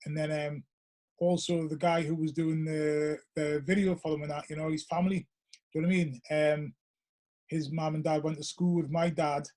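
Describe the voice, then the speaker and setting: Middle-aged man, high voice, rambling storyteller, casual guest chat. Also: flat delivery, moderate pace, a little mellow. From Northeast England. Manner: rambling, storytelling with many fillers. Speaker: guest, vinyl DJ.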